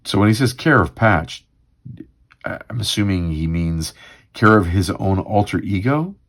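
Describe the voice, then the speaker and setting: A man's voice: low voice, lively intonation, unhurried, a bit bright. A man hosting a comics read-through livestream, musing casually with many fillers.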